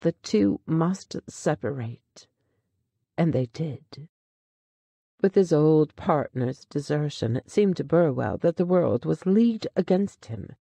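Slow, mellow audiobook storyteller. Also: medium pitch, expressive, creaky, slightly rough, no room sound. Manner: measured, dramatic storytelling. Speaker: narrator. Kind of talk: audiobook narration of a classic short story.

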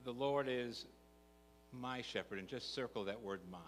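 In a church sanctuary, an older male pastor preaches at normal speed with a mid-range, somewhat bright voice. His earnest sermon rises to emphatic repetition, captured with long church reverb and a faint hum.

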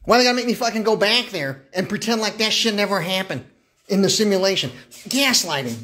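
Man, high-pitched voice, livestream rant, agitated, profane, repetitive questioning, stumbling restarts, laughing bursts. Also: animated, brisk, bright, forceful tone. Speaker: live streamer. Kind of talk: unscripted livestream monologue.

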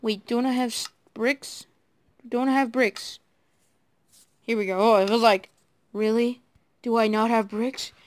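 Excitable high-voiced woman playing a game. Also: measured pace, long pauses. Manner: excitable, jittery, talks to viewers while playing. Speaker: gaming video creator. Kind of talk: casual gameplay commentary.

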